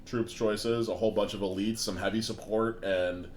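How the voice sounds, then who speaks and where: A tired, laid-back man talking tabletop gaming with a co-host, walking through his reasoning one step at a time. His voice sits a little low, with a faint noise under the recording. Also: steady tone, moderate pace, a little mellow. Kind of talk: casual tabletop gaming chat.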